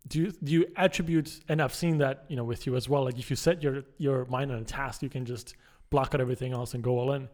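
A man's voice: mid-range voice, fairly even intonation, quick pace, a little mellow. A man hosting an interview podcast, asking his guest questions in a friendly, curious way. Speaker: podcast host. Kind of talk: casual interview chat.

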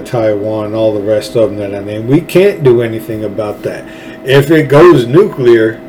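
A man's voice: fairly low pitch, a little mellow, slight background noise, rough recording. A man from Texas hosting a solo political show, ranting in a blunt, profane and sarcastic way. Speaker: political talk show host.

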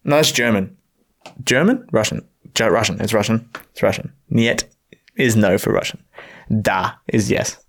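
Laid-back low-voiced man reading facts. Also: expressive, moderate pace, fairly bright tone. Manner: laid-back, giggly, reads out lists. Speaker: podcast co-host reading out facts. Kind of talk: casual chat.

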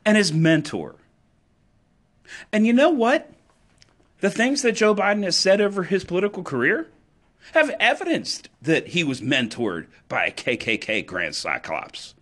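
A man delivering an impassioned political monologue, emphatic and sarcastic, swinging between loud declarations and low asides. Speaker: political commentator.

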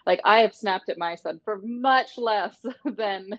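A woman's voice: mid-range voice, unhurried. A woman, a mother, chatting casually and relating to a story on a group call, sometimes laughing. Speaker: participant on the call. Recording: dull lo-fi call audio.

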